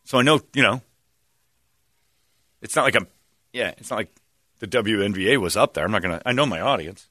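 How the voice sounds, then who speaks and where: A man's voice: on the low side, brisk, long pauses, dry recording, clean studio sound. A man hosting a talk show, telling a story in casual chat and animatedly acting out what others said. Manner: animated, acts out quotes of others.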